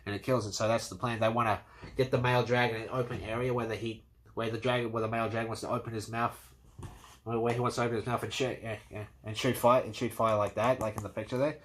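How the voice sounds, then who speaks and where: A man giving an excitable, casual movie review, swearing freely and acting out scenes. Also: mid-range voice, fast talker. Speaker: movie commentator.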